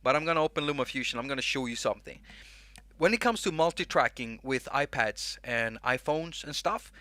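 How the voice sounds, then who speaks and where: A man's voice: mid-range voice, animated, pushed and bright, dry recording. A man from Sweden with a Swedish accent, hosting a casual livestream chat, rambling and jumping from thought to thought, with faint music behind him. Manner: rambling, rapid-fire, jumps between thoughts. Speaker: livestream host. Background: faint music track.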